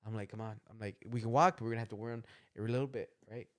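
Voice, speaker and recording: A young man telling a funny story on a casual podcast, laughing often and acting out what people said. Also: rapid-fire. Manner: animated, laughing, acts out quotes in higher voices. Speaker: podcast co-host.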